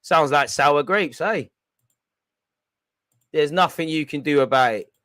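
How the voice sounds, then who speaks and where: Excitable young man, football reactions. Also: on the high side, a little slow, no echo. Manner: excitable, shouty and slangy, chanting and yelling at the referee. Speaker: football watch-along host. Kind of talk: live football reaction commentary.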